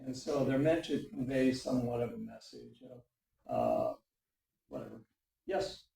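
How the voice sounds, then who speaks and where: A man's voice: medium pitch, huge pitch swings, normal speed, gravelly, dark tone. Roomy, distant man teaching a church class. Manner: lecturing with frequent fillers and "okay?" checks. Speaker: adult education class teacher. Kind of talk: classroom lecture with discussion.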